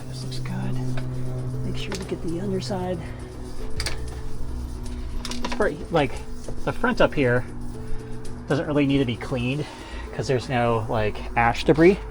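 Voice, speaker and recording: A man casually narrating as he cleans, rambling with fillers and self-corrections, a bit out of breath, inside a camper van on a camera mic that he moves around. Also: on the high side. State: slightly out of breath from working. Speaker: vlogger. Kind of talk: casual narration while working.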